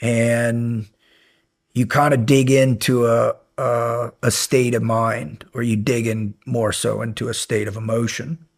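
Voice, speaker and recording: A man's voice: mid-range voice, unhurried. A middle-aged man, a podcast guest, telling long rambling stories in a casual interview and acting out the lines of people in them. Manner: rambling, animated, acts out quoted lines.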